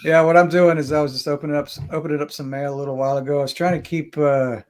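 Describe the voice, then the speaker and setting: A man's voice: fairly high pitch, steady tone, very fast, clear, resonant tone. A man hosting a casual livestream chat, talking in a laid-back, slangy way. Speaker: livestream host.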